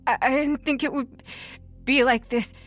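A woman's voice: high-pitched, fairly even intonation, normal speed, fairly bright tone, soft background music. A woman playing a dying, stammering crash victim. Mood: frightened, fading. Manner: weak, stammering and breathless. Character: dying young woman trapped in a wreck, terrified.

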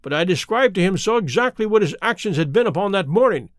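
A man voicing a sharp, self-assured male detective, measured and quietly commanding, with a high, lively voice. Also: no echo, studio quality. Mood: cool.

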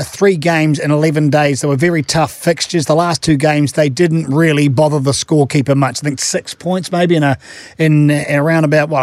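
A man's voice: a little high, dry recording. A man hosting a radio sports show, asking conversational questions of his guest. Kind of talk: radio interview.

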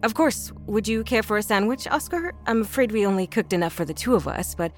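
A man voicing a kind, welcoming wife in a read-aloud story, speaking in a hospitable, brisk way. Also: high-pitched, lively intonation, soft background music, pitched above the performer's own voice. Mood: warm, hospitable. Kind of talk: storybook narration.

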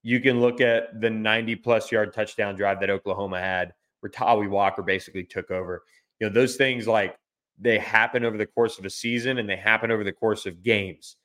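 A man's voice: fairly low pitch, steady tone, fairly quick, a bit bright. Man thinking aloud about football. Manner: thinks aloud, with frequent restarts and fillers. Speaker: sports reporter and podcast guest. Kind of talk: casual unscripted sports analysis.

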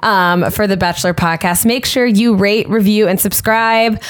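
A woman's voice: mid-range voice, fairly even intonation, moderate pace. Chatty woman podcast co-host recapping gossip. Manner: recaps with many fillers, then reads the sign-off. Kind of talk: casual gossip chat.

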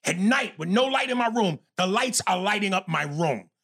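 A man from New York telling a long, profane story on a podcast, animated and acting out quotes. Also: sits high, normal speed, vocal fry, husky, no echo. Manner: animated, swears freely, acts out quotes. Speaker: podcast co-host.

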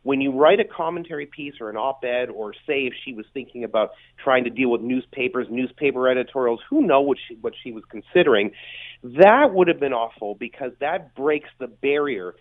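A man's voice: medium pitch, a little fast. A man, a newspaper columnist and radio guest, making his point in an emphatic, indignant way. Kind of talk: phone interview. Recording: phone line.

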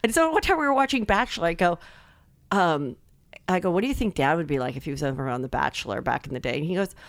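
Low-voiced woman telling animated stories. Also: fast talker, no echo, studio quality. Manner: animated, profane, acts out other people's voices; many filler likes. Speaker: guest comedian. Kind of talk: casual storytelling chat.

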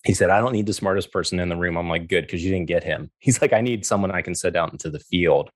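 Deep-voiced man telling stories animatedly. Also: fast talker, no echo, clean studio sound. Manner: animated, acts out quotes, laughs often. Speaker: guest. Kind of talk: casual storytelling interview.

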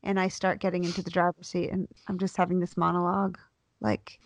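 A mother in her thirties, a podcast co-host and teacher, telling a lively story in casual chat, swearing freely and acting out what she said. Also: lowish voice, a little fast, no echo. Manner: animated storyteller, swears freely, acts out quotes.

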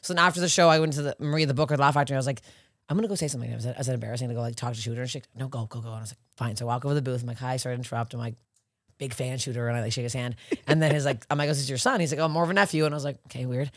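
Fast-talking woman comic telling stories. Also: rumbling low, no echo, clean studio sound. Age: 30s. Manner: rambling, excitable storytelling full of acted-out quotes. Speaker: comedian guest. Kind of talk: casual storytelling chat.

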